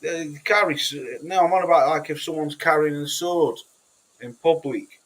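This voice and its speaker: Chatting casually on his livestream and reading viewer comments, a Cheshire-accented man from Cheshire, England, speaks bluntly with swearing, rambling and frequent restarts. His voice is on the high side and fairly bright, at normal speed, and the recording is rough.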